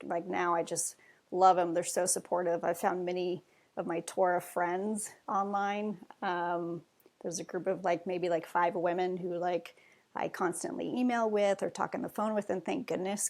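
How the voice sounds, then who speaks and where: A woman's voice: fairly low pitch, level tone, normal speed, a little mellow. A woman talking as a podcast guest in a casual, chatty way, rambling with many fillers. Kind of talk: casual conversation.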